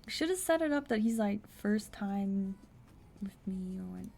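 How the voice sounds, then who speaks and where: A young woman streaming herself playing a text adventure, reading the story text aloud quickly and breaking in with blunt, incredulous asides and the odd swear. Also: mid-range voice, animated, gravelly, a little mellow. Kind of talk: casual live-stream commentary, reading game text aloud.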